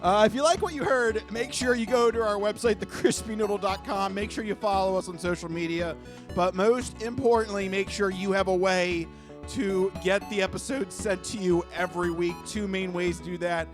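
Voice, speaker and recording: High-voiced chatty male podcast host. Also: steady tone, normal speed, over music. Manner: jokey, chatty, plugs the show. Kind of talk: casual chat.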